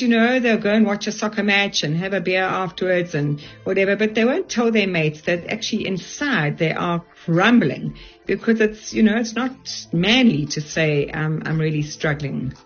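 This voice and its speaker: An older South African woman, appearing as a radio guest who speaks on resilience, offers earnest and direct advice. Her voice sits fairly low with a breathy edge. The lo-fi radio audio sounds dull, with faint music underneath.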